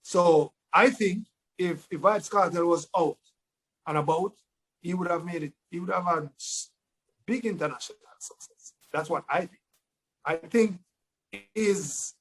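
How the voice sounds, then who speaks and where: A man with a Jamaican accent, a dancehall artist talking casually in an interview, relaxed and often repeating words as he thinks. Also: a little high, low-quality recording. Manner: relaxed, repeats words, breaks into his song lines.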